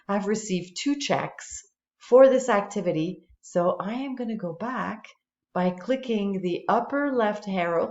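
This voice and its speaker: A woman with a mid-range, darkish voice teaches French, guiding students patiently through each step of an online flashcard tool. The clip is a screen-recorded tutorial walkthrough. Its sound is dull and lo-fi, recorded in an echoey room.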